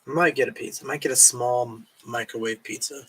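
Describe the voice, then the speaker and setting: A man's voice: medium pitch, fairly even intonation, a little fast, a bit bright, husky, poor audio. A drunk man rambling casually on a late-night live stream at home, swearing and chewing food as he talks.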